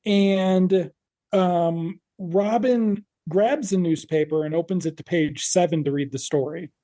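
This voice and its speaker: A man's voice: high-pitched, steady tone, a little slow, warm tone. A man co-hosting a podcast, wryly recapping a show in casual chat. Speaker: podcast co-host.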